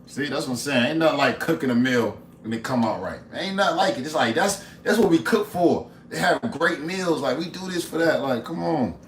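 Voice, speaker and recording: A man's voice: fairly high pitch, lively intonation, a little fast, hardly any pauses, slight background noise. A man cooking live and talking to his chat in an upbeat, preachy way, repeating his phrases. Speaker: cooking and motivation streamer. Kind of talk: casual live-stream talk while cooking. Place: home kitchen. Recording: roomy kitchen with faint ambience.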